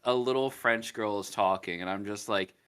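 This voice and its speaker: A man's voice: fairly low pitch, moderate pace, a bit bright, clear, resonant tone. A man co-hosting a casual podcast, chatting and joking with friends. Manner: laughing, joking, breaks into silly voices. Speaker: podcast co-host. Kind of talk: casual chat.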